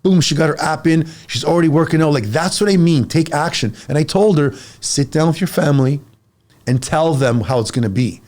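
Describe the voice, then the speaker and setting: With a voice on the high side, this forties-aged fitness coach chats on a casual podcast. He's animated and emphatic, firing off quick bursts of speech and repeating words.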